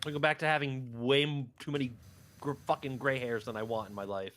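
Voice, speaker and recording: A man's voice: mid-range voice, fairly even intonation, brisk, fairly bright tone. A middle-aged male streamer chatting casually, rambling between fits of laughter. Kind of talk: casual chat.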